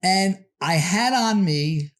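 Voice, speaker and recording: High-pitched male podcast guest, animated storyteller who acts out quotes. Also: slow. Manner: animated anecdote telling, acts out quoted voices. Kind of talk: casual storytelling.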